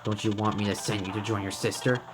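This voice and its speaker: A man voicing a slow, gloating killer. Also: on the low side, noisy background, lightly acted. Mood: calm menace. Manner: slow, calm, mocking menace. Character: cold, gloating killer, middle-aged man.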